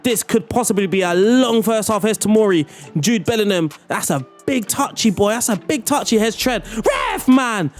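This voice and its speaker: A young man giving excitable, playful play-by-play commentary on a football management game, often laughing. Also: high voice, moderate pace, soft background music. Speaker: gaming YouTuber.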